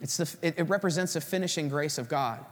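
Animated high-voiced male preacher, reverberant hall. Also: quick pace. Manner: animated preaching, acts out stories. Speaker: pastor. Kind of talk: sermon.

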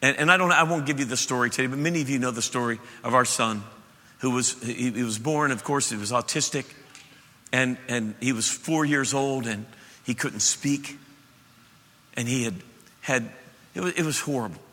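A middle-aged male pastor preaching an impassioned, emphatic sermon that swings between loud and soft in a church sanctuary. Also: medium pitch, normal speed. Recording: reverberant church hall.

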